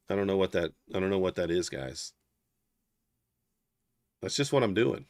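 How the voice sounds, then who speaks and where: Low-voiced man murmuring trading commentary. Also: expressive, normal speed, pauses often, no echo, studio quality. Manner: thinking aloud, casual, murmured asides. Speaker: trading livestream host.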